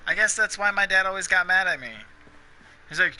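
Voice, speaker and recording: Young man, gaming chat, blunt, swears a lot, very sharp tone. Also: high voice, fairly quick, slight background noise. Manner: blunt, opinionated, swears freely; frequent bursts of laughter. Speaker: gaming streamer. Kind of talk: casual chat while gaming.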